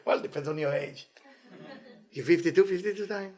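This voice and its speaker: A man giving a weekly inspirational Torah talk as a teacher, animated and playful, in non-native English phrasing. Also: on the high side, normal speed.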